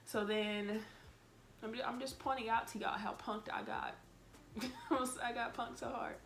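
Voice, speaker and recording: Speaking at a measured pace in a slightly high voice, a vlogger tells a storytime in a blunt, exasperated way. She cusses freely and animatedly acts out her past lines, over a little hiss or hum.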